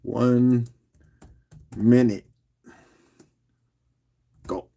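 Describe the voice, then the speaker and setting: A man's voice: medium pitch, fairly even intonation, creaky, warm tone. Easygoing guy auctioning rocks on a live stream, chatty, jokes around, calls out viewers by name, mid-range voice. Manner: chatty and joking, often laughing and talking to viewers by name; loose and unhurried, with fillers and restarts while doing other tasks.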